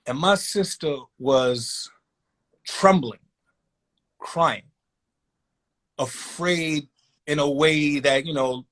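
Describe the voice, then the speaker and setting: A man telling a long personal story in a casual, animated way, acting out voices in quotes. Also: on the high side, drawn-out words, pauses often.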